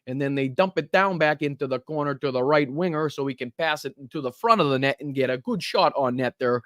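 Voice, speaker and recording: A man's voice: medium pitch, fairly quick, a bit bright, no echo, studio quality, lightly acted. A man voicing a chatty Canadian male hockey fan with a singsong Canadian accent and a habit of saying eh. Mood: folksy. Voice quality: singsong, ends with eh.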